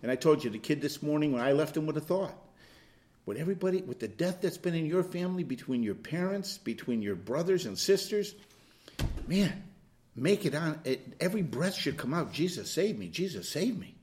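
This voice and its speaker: A man's voice: fairly high pitch, brisk. A man leading an informal Bible study, teaching animatedly and acting out little scenes of dialogue. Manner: animated, plays out quoted dialogue with swings from loud to hushed.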